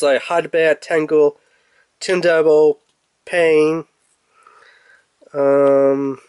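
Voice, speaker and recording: A man's voice: a little high, a little mellow, no room sound. A young man casually reviewing toys, rambling and chatty and laughing at his own jokes. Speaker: toy reviewer.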